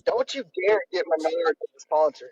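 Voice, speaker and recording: A man co-hosting a racing podcast, joking and animated in casual chat. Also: on the high side, fairly quick, lo-fi sound, a little hiss or hum. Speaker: podcast co-host.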